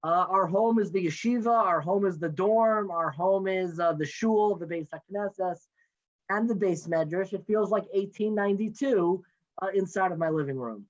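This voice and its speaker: A man in his thirties talking in a casual, playful way as a guest, joining by video call from his home office. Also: high voice. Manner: chatty, playful, quick with jokes. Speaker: guest, NCSY education director. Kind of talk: casual interview chat. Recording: dull lo-fi video call audio.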